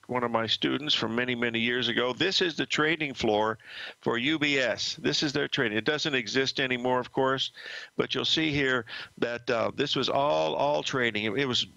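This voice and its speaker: A man's voice: mid-range voice, normal speed, vocal fry, sharp tone, no room sound, lo-fi sound. An older man hosting a market show, talking in a rambling, folksy way with many fillers. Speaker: market analyst host. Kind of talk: casual market commentary with stories.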